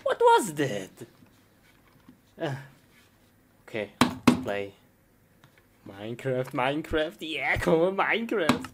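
A woman voicing slow, excitable Minecraft Steve. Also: low voice, loud music behind the voice, exaggerated voice. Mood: eager. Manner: excitable, blurts short exclamations, giggles often. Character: Minecraft Steve, young man, easily frustrated. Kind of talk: homemade game animation voicing. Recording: noisy homemade recording.

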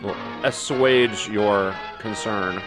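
A man's voice: fairly low pitch, takes it slowly, loud music behind the voice. A man co-hosting a show, making wry, rambling jokes while watching old films. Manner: wry, rambling, laughs often. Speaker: co-host of a movie-riffing show. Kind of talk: casual joking commentary.

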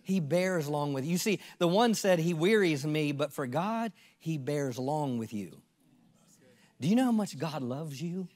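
A man in his fifties preaching in a church sanctuary, his voice pitched high for a man. He talks earnestly and circles back on his phrases to drive them home. The sound rings with a long echo through the hall. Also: expressive, a little slow, darkish tone. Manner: earnest, repeats phrases for emphasis. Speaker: pastor. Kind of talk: sermon.

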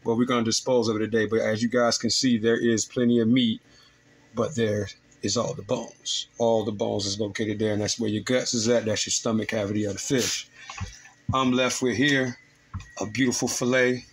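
Filleting fish in his home kitchen, a fishing show host gives viewers calm step-by-step instructions as a cooking demonstration. He talks at a moderate pace in a fairly low voice. The recording is rough, with a little hiss or hum.

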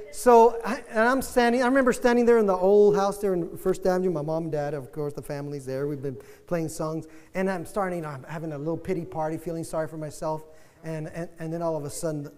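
An older man preaching a sermon, an animated pastor who builds to loud fervor. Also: sits high. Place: church sanctuary. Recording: long church-hall reverb.

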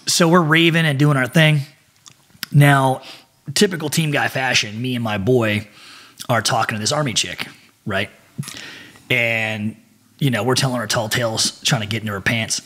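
A man in his forties, a podcast guest, telling a profane, animated story with frequent laughter. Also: medium pitch. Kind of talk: casual storytelling.

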